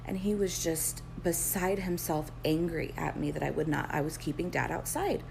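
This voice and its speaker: A mother telling an earnest, measured story and quoting dialogue in a casual storytime. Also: low voice, gravelly, over music, rough recording.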